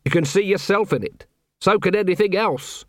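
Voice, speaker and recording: A man's voice: sits high, moderate pace, no echo, voice pushed up, natural voice. A tired, testy male watch captain with clipped, dry delivery, as a male narrator plays him. The sound is close and dry.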